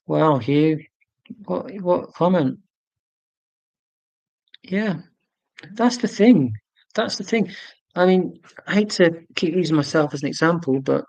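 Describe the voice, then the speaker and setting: A man's voice: fairly high pitch, gravelly, darkish tone, no room sound, low-quality recording. A man in his forties hosting a casual live stream. He rambles chattily, answering viewer comments with fillers and self-corrections. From United Kingdom.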